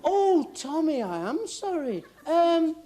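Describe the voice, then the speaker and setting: A male comedian putting on a high, mock-sympathetic voice for a fussing friend in a joke, with a theatre audience. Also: animated, normal speed. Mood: mock concern. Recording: live theatre audience, background noise.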